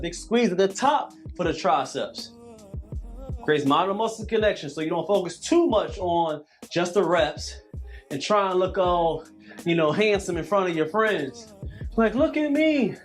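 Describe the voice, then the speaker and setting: A man's voice: high-pitched, normal speed, faint music behind. A man in his late thirties coaching a live calisthenics workout, repeating cues and preaching about hard work. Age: late 30s. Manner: preachy, repetitive motivational cues.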